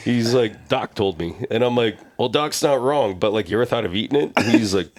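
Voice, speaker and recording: A man's voice: medium pitch, a little fast, dry recording. A man hosting a casual podcast chat, telling stories and acting out quotes with a lot of energy. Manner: animated storyteller, acts out quotes loudly.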